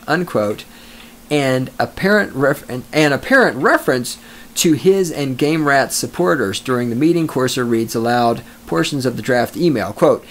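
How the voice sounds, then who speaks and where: A man's voice: on the high side, animated, normal speed. Snarky podcast guy reading news, crude jokes, cracks up a lot, voice all over the place. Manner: crude, mocking, bursts into laughter. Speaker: podcast host. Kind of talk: sarcastic news commentary.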